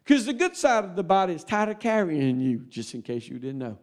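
A man preaching a sermon, folksy and close to tears, swinging between loud appeals and quiet asides. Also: high-pitched, animated, fairly quick.

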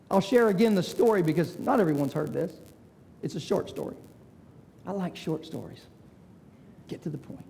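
A pastor in his 60s, his voice high-pitched, gravelly, and a little mellow, tells a personal story during a sermon. He's folksy and acts out the voices of the people he quotes, with the long reverb of a large hall around him.

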